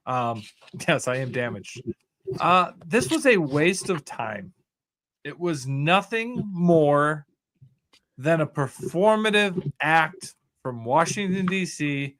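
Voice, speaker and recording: High-voiced sarcastic man co-hosting. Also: animated, takes it slowly, fairly bright tone. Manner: sarcastic, mocking quoted voices. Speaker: podcast co-host. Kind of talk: casual sports talk.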